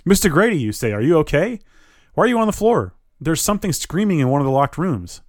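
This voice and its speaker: A man doing a shrill, frightened young hero. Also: very animated, quick pace, no echo, clean studio sound. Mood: scared.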